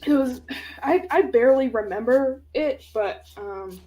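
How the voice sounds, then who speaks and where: Animated young woman telling stories. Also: high-pitched, unhurried. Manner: animated, laughing, swears freely, acts out quotes. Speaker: streamer. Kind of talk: casual storytelling chat.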